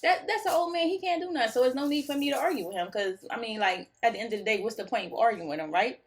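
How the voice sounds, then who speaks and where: A woman's voice: a little high, fast talker. Goofy woman telling a storytime tale. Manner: goofy, laughs easily, animated retelling. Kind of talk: casual storytime chat.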